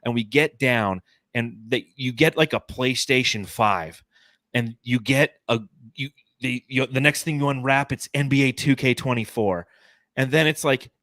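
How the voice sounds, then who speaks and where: A man in his forties hosting a casual sports podcast, talking in an animated, rambling, enthusiastic way. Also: medium pitch, moderate pace, no echo, studio quality. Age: 40s. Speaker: podcast host.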